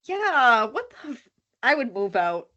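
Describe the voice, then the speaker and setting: A woman co-hosting a film podcast in casual chat, reacting quickly and joking at her own expense. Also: on the high side, sing-song, sharp tone, lo-fi sound. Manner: chatty, quick to react, self-deprecating. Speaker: podcast co-host.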